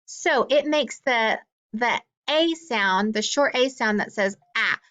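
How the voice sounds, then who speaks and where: A woman's voice: fairly high pitch, expressive, a bit bright. Encouraging woman teaching young children phonics. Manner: patient, encouraging, speaks slowly to children.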